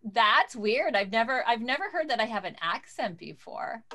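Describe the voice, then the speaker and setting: Woman quilter guesting on a video call; bright, chatty, casual. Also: fairly high pitch, sing-song, normal speed. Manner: chatty, scattered while fumbling with screen sharing.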